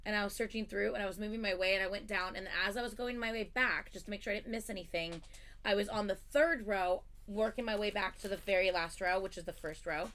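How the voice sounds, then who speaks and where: A woman's voice: medium pitch, steady tone, quick pace, a bit bright. A woman hosting a livestream, chatting casually and animatedly as she tells a story, swearing freely. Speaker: livestream host.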